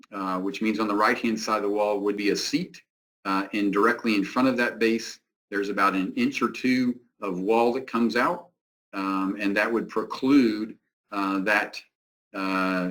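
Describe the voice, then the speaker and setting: Man, low voice, technical presenter, halting speech, lots of fillers. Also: pushed and bright, low-quality recording. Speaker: product representative presenting.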